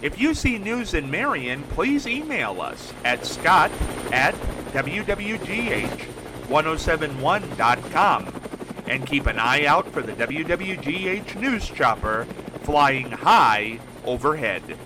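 A man's voice: on the high side, very animated, takes it slowly, background noise. A man reading upbeat promotional announcements for a local radio station.

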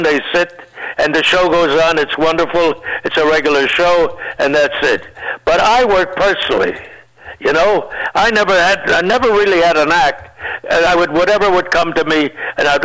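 An older man, a comedian, telling rambling, animated anecdotes in a casual interview. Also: fairly high pitch, low-quality recording. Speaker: comedian guest.

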